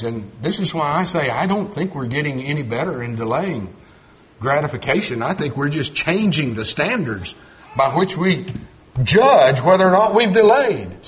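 A middle-aged man preaching a sermon, telling folksy stories and swinging between loud emphatic points and quiet low asides. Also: slight background noise. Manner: storytelling with folksy humor.

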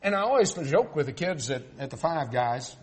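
An older man preaching a folksy sermon, joking and swinging between loud and soft. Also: a little high, big pitch swings, moderate pace.

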